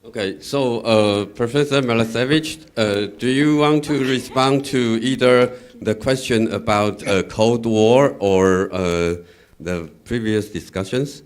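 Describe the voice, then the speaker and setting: A man moderating a scholarly workshop hands the floor to a panelist. His voice is smooth and clear, and he speaks very slowly, with halting fillers between phrases. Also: medium pitch. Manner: slow, halting questions. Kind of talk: academic discussion.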